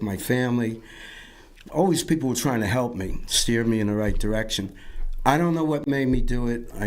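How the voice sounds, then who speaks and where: A middle-aged man talks through his life story as an interview guest. His telling rambles, with restarts and repeated words, and he acts out other people's lines as he goes. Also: mid-range voice. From Yonkers, New York.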